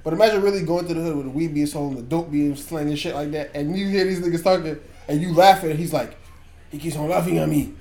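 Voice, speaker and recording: A man co-hosting a loose, joking group chat, laughing often and slipping into silly high voices. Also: quick pace, few pauses, darkish tone. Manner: laughing, playful, breaks into high put-on voices. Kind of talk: casual banter.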